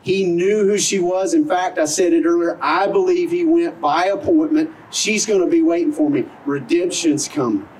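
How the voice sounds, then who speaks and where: A man's voice: a little high, moderate pace, few pauses, darkish tone, far from the mic, low-quality recording. A middle-aged man preaching an outdoor sermon as pastor, earnest and conversational, full of rhetorical questions. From American South. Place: outdoor service in a parking lot.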